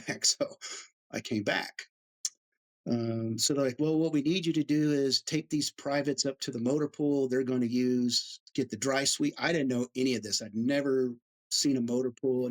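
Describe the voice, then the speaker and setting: A middle-aged American man, an Army veteran, telling stories casually in an interview and acting out the voices of the people he quotes. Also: medium pitch. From United States. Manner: animated storyteller, acts out quoted voices.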